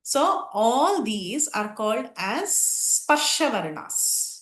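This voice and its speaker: A woman's voice: mid-range voice, lively intonation, normal speed, fairly bright tone. A woman teaching a scripture class, explaining step by step and asking and answering her own questions. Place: online class. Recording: roomy echo.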